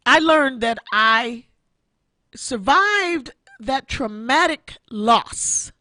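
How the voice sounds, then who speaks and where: A woman's voice: high-pitched, animated, drawn-out words, pushed and bright, dry recording, clean studio sound. A woman in her sixties hosting an online radio show, giving an emotional personal testimony and repeating her phrases like a preacher. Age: 60s. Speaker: internet radio show host.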